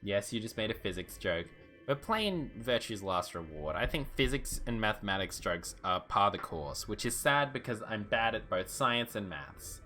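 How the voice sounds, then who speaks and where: Bright, animated male streamer, casual self-deprecating gamer chatter, faint music underneath. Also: fairly low pitch, moderate pace. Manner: self-deprecating and joking, reads the game text aloud. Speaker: let's-play streamer. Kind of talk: casual gameplay commentary.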